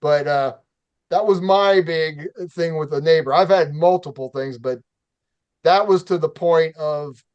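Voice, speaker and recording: A man hosting a casual talk show, telling a story in an animated, profane way and acting out the quotes. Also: a little high, unhurried, clean tone, lo-fi sound. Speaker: show host.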